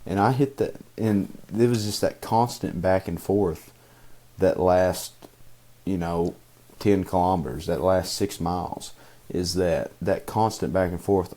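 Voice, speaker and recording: A man's voice: low-pitched, a little slow, mellow. A young man co-hosting a podcast, talking casually in a rambling way with many fillers and restarts. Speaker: podcast co-host. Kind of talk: casual chat.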